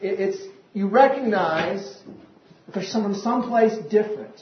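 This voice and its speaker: A man preaches in a high, light voice, pressing his points with repeated questions. The sound is roomy and a little muffled, like a lo-fi recording made in a church sanctuary. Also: expressive, measured pace, slight background noise. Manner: preaching with rising emphasis and repeated rhetorical questions. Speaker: pastor. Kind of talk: sermon.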